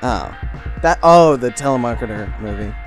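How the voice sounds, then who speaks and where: A man's voice: mid-range voice, animated, normal speed, over music. A man co-hosting a movie podcast, rambling and hesitant in casual chat. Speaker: podcast co-host.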